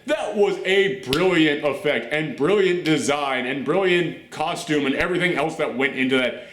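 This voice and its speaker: A man reviewing a TV show on his channel, talking in an animated, rambling way and nearly shouting with enthusiasm. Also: on the high side, moderate pace, slight background noise. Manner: animated, near-shouting, gushing. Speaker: YouTube reviewer. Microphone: camera mic. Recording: roomy echo.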